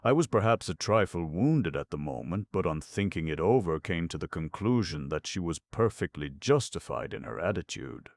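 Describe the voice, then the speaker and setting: A man with a very deep, gravelly voice playing a cheerful, verbose young English gentleman in florid speech. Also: no room sound. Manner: florid, long-winded, genial.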